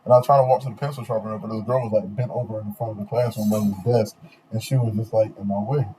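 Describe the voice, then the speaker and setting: A man's voice: on the low side, fairly even intonation, quick pace, dark tone, slight background noise, low-quality recording. A young man hosting a podcast, telling loose, profane stories in casual chat. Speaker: podcast host.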